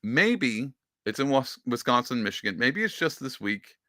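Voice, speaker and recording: A man's voice: medium pitch, big pitch swings, normal speed, pushed and bright, dry recording, studio quality. A man hosting a podcast, giving casual, rambling political commentary with sarcastic asides. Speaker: podcast host.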